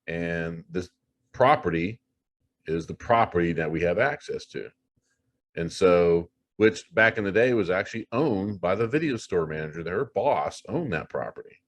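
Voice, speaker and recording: Middle-aged male guest with a deep voice; lively, profane, repetitive storyteller. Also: normal speed. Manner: animated, swears freely, repeats himself for emphasis. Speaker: paranormal investigator guest. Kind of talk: casual storytelling.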